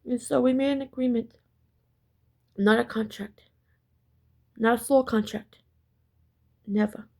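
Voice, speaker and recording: A woman tells a story straight to her viewers in an intense, emphatic way, repeating herself and swearing. Her voice sits fairly high, with a gravelly fry and a husky edge. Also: fairly even intonation, a little slow, long pauses, darkish tone. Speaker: spiritual storyteller. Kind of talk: casual story time monologue.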